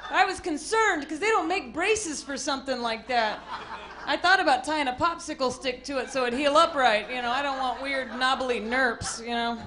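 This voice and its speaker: A woman doing a stand-up comedy set on a club stage, bursting into loud acted-out voices and shouts. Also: high-pitched, moderate pace. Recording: live club with noisy crowd.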